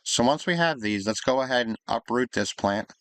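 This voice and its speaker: A man's voice: mid-range voice, lively intonation, normal speed, a bit bright, clean tone, no room sound. A man casually commenting on his life-sim gameplay, thinking aloud in an easygoing, chatty way. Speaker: gaming YouTuber.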